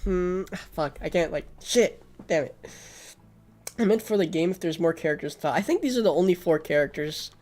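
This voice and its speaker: A man's voice: high-pitched, lively intonation, normal speed, a little mellow, soft background music. A man streaming a game, reading it aloud and chatting casually, sleepy and yawning, swearing often. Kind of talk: game stream chat and narration.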